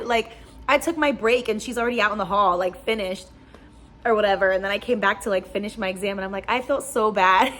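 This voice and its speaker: A woman's voice: medium pitch, steady tone, a little fast, fairly bright tone. A young woman, a newly licensed nurse, chatting casually in a personal vlog and filling her talk with "like.". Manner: chatty, lots of "like" fillers. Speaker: new nurse vlogger.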